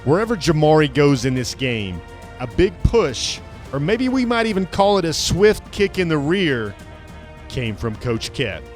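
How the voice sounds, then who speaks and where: A man's voice: fairly high pitch, very animated. A man giving polished, scripted sports documentary narration. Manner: polished, measured. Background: music.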